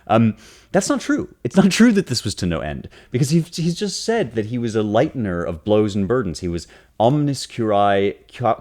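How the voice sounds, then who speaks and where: Young male host, very low voice, earnest lecture on verse with frequent restarts. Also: a little mellow. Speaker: podcast host. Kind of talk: lecture-style commentary.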